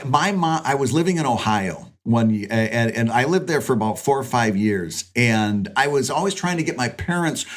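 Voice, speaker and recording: A man from Michigan co-hosting a podcast, chatting casually, laughing often and telling rambling anecdotes. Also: medium pitch. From Michigan, USA. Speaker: podcast co-host. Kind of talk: casual chat.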